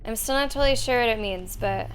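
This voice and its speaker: A woman's voice: on the high side, fast, music in the background. A young woman streaming a game, thinking aloud in casual, chatty commentary.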